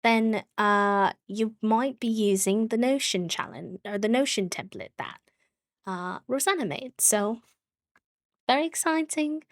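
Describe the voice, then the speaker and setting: A woman streamer putting on a deliberately bad British accent while greeting viewers in a bubbly way, laughing often. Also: a little high, mellow, dry recording, studio quality. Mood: playful.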